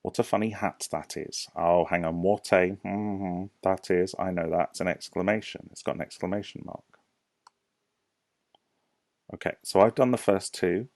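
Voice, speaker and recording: British male teacher, deep gravelly voice, dry close sound, patient lesson for little kids. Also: steady tone, a little mellow, no echo. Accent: British English. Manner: slow, clear, patient explaining with rhetorical questions. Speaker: primary school teacher. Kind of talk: recorded home lesson for young children.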